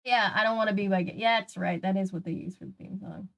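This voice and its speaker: A woman's voice: mid-range voice, fairly even intonation, fast, gravelly, a bit bright. A young woman reading a kids' mystery book aloud, breaking off for chatty, jokey asides. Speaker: channel host. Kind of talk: casual reading aloud with commentary.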